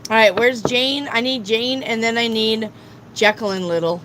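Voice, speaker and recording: A woman's voice: on the high side, moderate pace, fairly bright tone, a little hiss or hum, low-quality recording. A woman tarot reader on a live stream, lecturing her viewers bluntly and swearing often.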